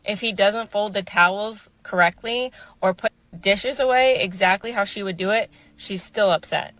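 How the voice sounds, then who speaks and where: Bright, assertive opinion commentator. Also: medium pitch, moderate pace, dry recording, rough recording. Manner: assertive, lecturing delivery. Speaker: commentator in a played video.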